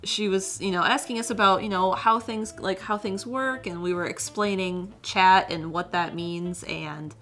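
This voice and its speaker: A woman co-hosting a live stream, telling a story in a relaxed, chatty way with lots of fillers. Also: medium pitch, normal speed, hardly any pauses. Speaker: co-host of a live stream show. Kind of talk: casual stream chat.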